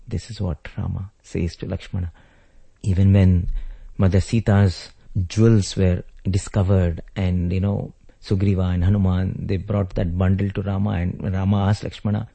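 A man giving a devotional talk, retelling scripture stories in an earnest, deliberate way. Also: sits low, flat delivery, gravelly, warm tone, husky. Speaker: spiritual speaker. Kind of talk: devotional sermon with storytelling.

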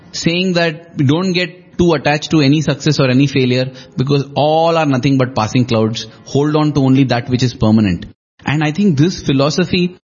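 A man's voice: on the high side, breathy edge, highs cut off. A man in a devotional discussion, retelling scenes reflectively and acting out quoted lines with shifting emphasis.

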